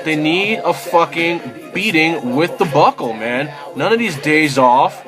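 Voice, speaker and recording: A frustrated football fan vents at length, his voice pitched a little high. He swears freely and keeps circling back with "you know" and "man". Clear music plays behind him. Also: expressive, a little slow. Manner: exasperated, profane, rambling with many fillers. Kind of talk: casual fan rant to camera.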